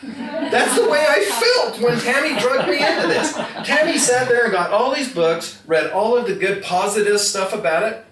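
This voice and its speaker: Speaking at a moderate pace in a very high-pitched voice, a man demonstrates a product live before an audience indoors, spinning folksy stories and quizzing the crowd. The room echoes, the mic sits far away, and there is faint background noise.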